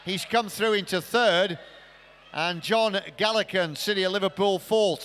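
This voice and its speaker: A man giving live swimming race commentary, building to shouts at close finishes. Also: sits high.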